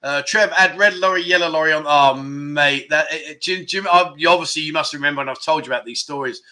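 A man's voice: a little high, quick pace, bright, forceful tone. A man in his fifties hosting a casual livestream chat show, rambling and joking as he reads out viewer comments. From United Kingdom. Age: 50s. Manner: chatty, jokey, rambling with lots of asides. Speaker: livestream host.

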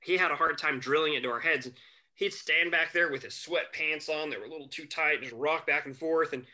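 Bright-voiced man telling animated stories. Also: on the high side, fairly quick. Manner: animated anecdotes, acts out quotes, chuckles. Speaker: podcast guest, family lawyer. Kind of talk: casual storytelling chat.

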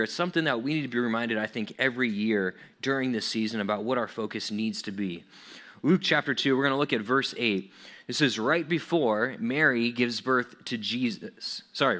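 A man's voice: mid-range voice, sharp tone. A young man preaching a casual youth sermon, loose and chatty, full of "like"s and acted-out quotes. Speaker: youth pastor.

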